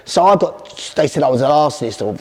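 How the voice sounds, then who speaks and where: Rapid-fire man, guest spinning anecdotes with restarts, in a reverberant space. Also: fairly high pitch, lively intonation, darkish tone, slightly rough. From South London. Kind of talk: storytelling interview. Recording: long hall reverb.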